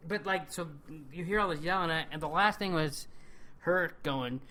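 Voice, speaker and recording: A man's voice: a little high, normal speed, sharp tone. A man co-hosting a casual chat show, recapping a TV episode, swearing freely and acting out lines from scenes. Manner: laughing, swearing, quoting scenes in put-on voices. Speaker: podcast co-host.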